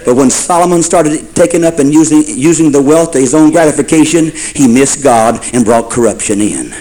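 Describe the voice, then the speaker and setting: A man's voice: a little high, moderate pace, mellow, soft background music, low-quality recording. A man preaching a sermon in a folksy storytelling way, building to fervent repeated phrases.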